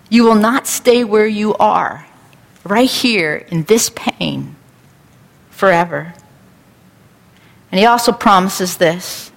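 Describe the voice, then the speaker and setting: A woman's voice: medium pitch, a bit bright, long reverb tail. A woman pastor preaching a sermon with an earnest, repetitive cadence.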